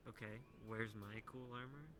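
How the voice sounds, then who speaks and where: A man's voice: on the low side, fairly even intonation, moderate pace, background noise. A man in a casual roleplay chat, talking eagerly and playfully.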